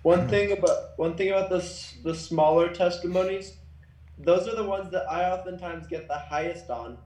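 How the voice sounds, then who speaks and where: A man's voice: sits high, normal speed, darkish tone. Reflective man in an echoey room.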